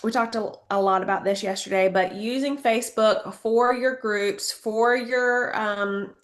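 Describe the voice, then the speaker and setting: A woman's voice: mid-range voice, steady tone, unhurried. Brief: woman, mid-range voice, casual instructional chat on a video call. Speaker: team member presenting tips.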